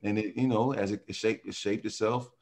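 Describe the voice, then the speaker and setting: A man who sings in a vocal group, telling animated stories in a casual interview and often laughing. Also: fairly low pitch, a little fast. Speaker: singer in a vocal group, guest.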